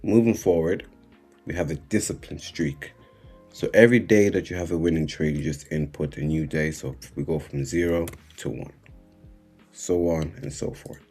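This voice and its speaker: A man giving a live-streamed trading lesson, speaking slowly and repeatedly checking in with his viewers. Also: extremely low pitch, fairly even intonation, a little mellow, breathy edge, soft background music. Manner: unhurried, repeating "right?" and "guys" to the chat. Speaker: trading instructor.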